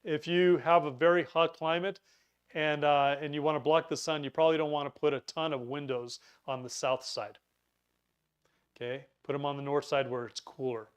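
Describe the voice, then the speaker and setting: A man's voice: on the high side, flat delivery, normal speed, clear, resonant tone. A man giving a casual preparedness lesson, chatty, often stumbling over words and restarting his sentences. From Utah. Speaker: preparedness instructor. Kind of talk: informal teaching talk.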